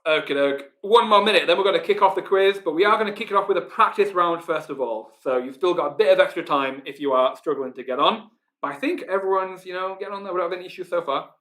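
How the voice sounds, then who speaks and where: A man's voice: on the high side, fast talker, pushed and bright. A man with a Yorkshire accent hosting a live online pub quiz, chatty, reading out team names and laughing often. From Yorkshire, England. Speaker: quiz host.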